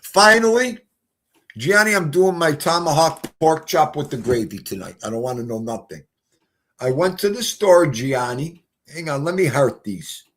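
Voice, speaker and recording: A man's voice: on the high side, animated, normal speed, a bit bright. A man hosting a casual livestream chat, rambling and emotional as he talks to his guests and the chat. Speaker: livestream host.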